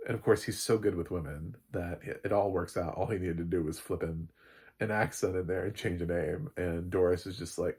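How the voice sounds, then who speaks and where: A man giving a casual, rambling film recap, full of fillers and quick laughs. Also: sits low, fairly even intonation, a little mellow, husky. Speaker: film reviewer.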